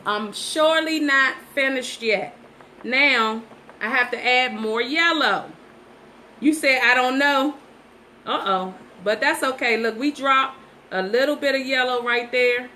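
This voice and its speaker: A woman's voice: high voice, a little slow, pauses often, bright, forceful tone, a little hiss or hum, poor audio. A woman hosting a casual painting livestream from her phone, chatty and repetitive, talking straight to her viewers. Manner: chatty, repeats herself, talks straight to viewers. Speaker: livestream host painting sunflowers. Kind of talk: casual live-stream chat while painting.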